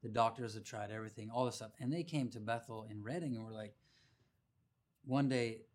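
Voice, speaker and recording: A man hosting a casual faith conversation, telling animated stories with preacherly emphasis. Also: medium pitch, a little fast.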